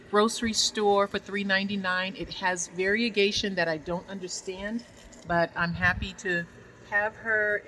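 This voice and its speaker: A woman's voice: medium pitch, fairly bright tone, a little hiss or hum, poor audio. A woman vlogging a casual tour of her greenhouse, gushing affectionately and talking to her plants as she walks around with a handheld phone.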